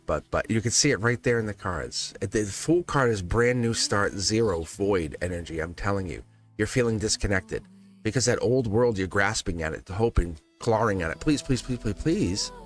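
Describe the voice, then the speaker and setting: A man giving a live-stream tarot reading, teasing and animated, laughing often and acting out quotes. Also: on the low side. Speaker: tarot reader.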